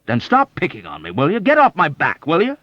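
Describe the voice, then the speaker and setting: A man reading an audiobook and voicing a blustering, petulant middle-aged male colonel who complains loudly and indignantly. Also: a little high, wildly swooping pitch, a little fast, no room sound, pitched above the performer's own voice, exaggerated voice. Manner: loud, indignant, whiny blustering. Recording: dull, dry lo-fi audiobook.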